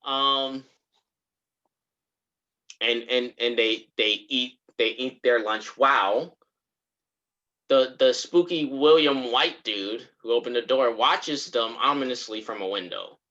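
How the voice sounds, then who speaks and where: Brief: male podcast co-host with a bright, expressive voice who recaps a TV episode and acts out the characters, on a slightly dull lo-fi recording. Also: medium pitch, takes it slowly, long pauses. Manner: animated storytelling, acts out characters' lines. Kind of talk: casual chat recapping a TV episode.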